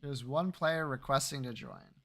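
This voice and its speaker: Bright, teasing young-sounding man. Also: medium pitch, huge pitch swings, normal speed, creaky. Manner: teasing, joking. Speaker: friend on voice chat. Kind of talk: casual chat while gaming.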